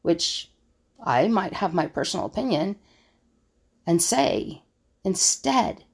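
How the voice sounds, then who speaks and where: A woman talks through her thoughts in a reflective solo monologue, her low voice gravelly and husky. She works as a conflict resolution coach and now and then slips into the scoffing tone people use on each other. It sounds musing and personal. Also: very animated, takes it slowly, a little mellow.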